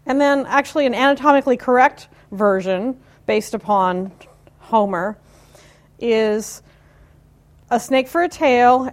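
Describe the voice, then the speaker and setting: A woman in her fifties, from the United States, giving a live technical talk with a chatty, informal manner, wry asides and questions to the audience. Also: a little high. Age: 50s. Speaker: conference speaker.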